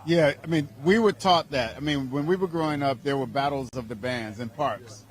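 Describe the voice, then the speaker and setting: A man's voice: mid-range voice, moderate pace. A man being interviewed at an event, speaking earnestly and with enthusiasm, often adding "you know". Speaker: interview guest. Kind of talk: conversational interview.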